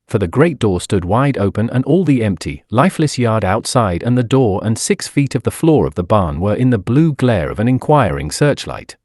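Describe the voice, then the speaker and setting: A man giving an expressive, dramatic audiobook narration on a close studio mic. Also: lowish voice, moderate pace, few pauses, no room sound.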